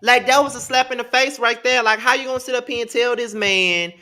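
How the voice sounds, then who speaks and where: A man's voice: extremely high pitch, fairly even intonation, a little fast, sharp tone. A man hosting a live TV episode review, talking emphatically and repeating himself in exasperation. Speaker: host.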